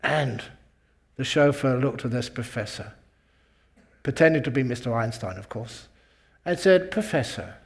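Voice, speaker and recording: A man's voice: medium pitch, animated, measured pace, pauses often. Male meditation teacher, humorous storyteller, playful with easy chuckles, mid-range voice. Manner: playful, chuckles at his own jokes. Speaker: Buddhist monk and meditation teacher.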